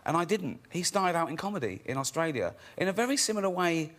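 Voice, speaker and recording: A man chatting as a guest on a talk show, stammering and often breaking into high laughter. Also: very animated, quick pace, fairly bright tone. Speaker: guest, comedian and director. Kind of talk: chat show banter.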